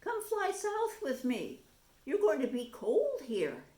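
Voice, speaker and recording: A woman's voice: sits high, huge pitch swings, slow, warm tone, pitched above the performer's own voice, full character voice. A woman voicing a small bird that urges a mouse to fly south, read in a roomy space. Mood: urging. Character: bird heading south for winter. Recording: roomy echo.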